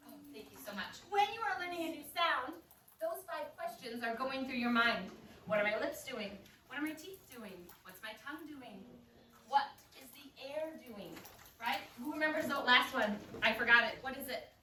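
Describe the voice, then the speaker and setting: A woman teaching a phonics lesson to a first grade class, animated and coaxing, modeling each sound slowly. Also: high-pitched. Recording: roomy, distant, background noise.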